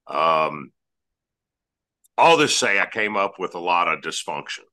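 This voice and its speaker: A man telling his life story in a measured, earnest way as an interview guest. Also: low voice, very animated, sharp tone.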